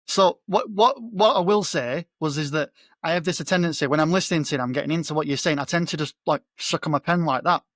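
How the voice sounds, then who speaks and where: A man's voice: a little high, fast talker, hardly any pauses, fairly bright tone, no echo. A young man co-hosting a podcast, talking casually in a stumbling, self-interrupting way. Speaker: podcast co-host. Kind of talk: casual chat.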